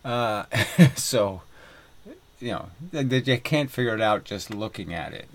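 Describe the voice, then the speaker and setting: A man's voice: fairly low pitch, animated, unhurried, no room sound. A man vlogging in a rambling, profane monologue full of fillers and laughing asides, recorded by a camera mic outdoors on a windy day by the water.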